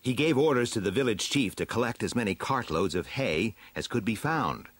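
A man narrating a children's adventure storybook aloud in an expressive, dramatic way. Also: fairly low pitch, normal speed, slightly rough. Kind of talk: storybook reading.

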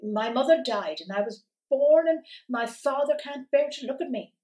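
A woman voicing a sickly, sad young boy with a soft, plaintive way of speaking in a storybook reading. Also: high voice, expressive, moderate pace, roomy sound. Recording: voice from a distance.

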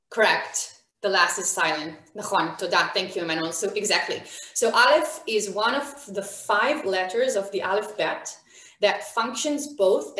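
A woman's voice: medium pitch, a bit bright, reverberant. Encouraging woman teaching online. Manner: encouraging, questions students by name. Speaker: Hebrew teacher. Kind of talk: online beginner language class.

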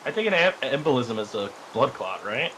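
A man chatting casually while playing a game with friends, joking, excitable and tripping over his words. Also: mid-range voice, a little fast, slight background noise, low-quality recording. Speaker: gamer. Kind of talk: casual group gameplay chat.

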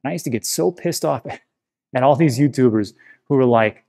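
A man talks straight to the camera as a crypto channel host, his voice gravelly with a mellow, dark tone. He stays conversational and reassuring, dropping frequent filler words as he goes. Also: mid-range voice, moderate pace. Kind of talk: casual to-camera commentary.

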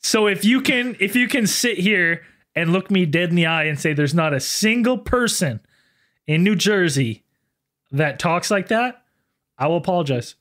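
Animated joking podcast co-host man. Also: sits high, normal speed. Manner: joking, laughs often. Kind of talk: casual chat.

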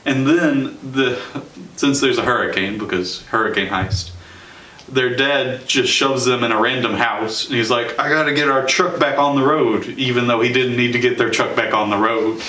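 Young male host, sarcastic casual reviewer, mid pitch, distant echoey mic. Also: fairly even intonation, sharp tone. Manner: sarcastic, chatty, quick asides with laughs. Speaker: show host and movie reviewer. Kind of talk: casual spoken movie review. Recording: roomy sound from a distance.

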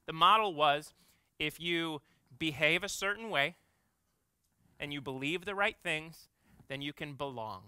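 A man's voice: fairly high pitch, bright, forceful tone, clean tone, dry recording. A man in his thirties, an executive pastor, giving a conversational sermon full of playful, self-mocking family stories.

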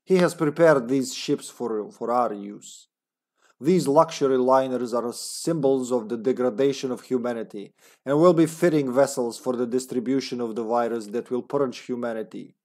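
A man with a mid-range, slightly mellow voice reads game text aloud at normal speed, lightly acting as a grim male terrorist agent writing a diary. The mood is solemn, delivered with a put-on mock-Russian comrade accent.

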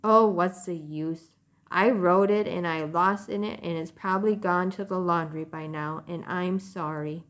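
A woman's voice: fairly low pitch, steady tone, unhurried, close to an everyday voice. A small, earnest young male mouse from a storybook, hesitant and sheepish in the way he talks, as a woman reads him aloud. His delivery stays plain and close to an everyday speaking voice. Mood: ashamed. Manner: hesitant, ashamed confessing.

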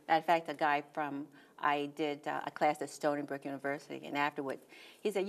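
A woman's voice: sits low, level tone, fairly quick, gravelly. A woman in her sixties from North Carolina, a poet guest telling plainspoken anecdotes in an interview. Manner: plainspoken, anecdotal, acts out quoted speech. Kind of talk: casual storytelling interview.

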